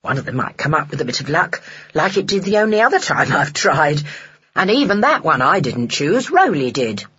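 A storyteller voicing Henny, a kindly, modest and slightly scatterbrained woman who talks about herself with gentle self-mockery, in a husky voice. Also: mid-range voice, sing-song, moderate pace, muffled recording, heavily acted. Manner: self-deprecating, insistent.

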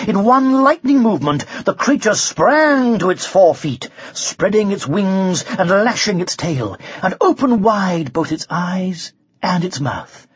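A narrator reading a storybook aloud in an expressive way with varied pacing. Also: mid-range voice, breathy edge, no room sound. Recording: dull lo-fi recording.

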